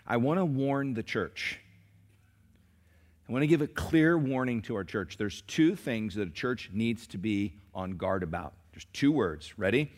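A pastor preaching a sermon in a church, who has been a little sick this week. He moves from forceful scripture reading to conversational stories and calls on the congregation to answer. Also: mid-range voice, in a large hall. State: a little sick, clearing throat. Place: church sanctuary.

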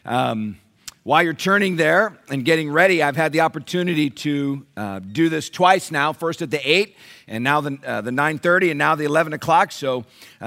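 A pastor preaching a sermon in church, animated, asking the congregation questions. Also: male voice, on the high side.

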